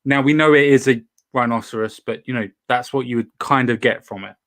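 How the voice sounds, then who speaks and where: A man hosts a loose, casual chat, at an ordinary middle pitch. He swears freely and trips over his own words, starting phrases again and again. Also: fairly even intonation, fairly quick, a bit bright. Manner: swears freely, talks in restarts. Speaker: show host.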